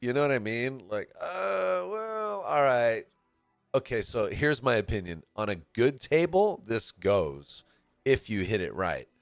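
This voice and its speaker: A man's voice: fairly low pitch, big pitch swings, normal speed, dry recording, soft background music. A man from California giving laid-back, chatty commentary on a pool match, often laughing as he talks. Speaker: stream commentator.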